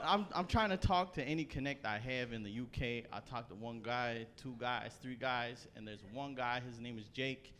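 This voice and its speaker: A young Canadian man performing a stand-up set, telling a loose, profane story with animated bursts. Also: medium pitch, slight background noise. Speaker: stand-up comedian. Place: comedy stage before a live audience.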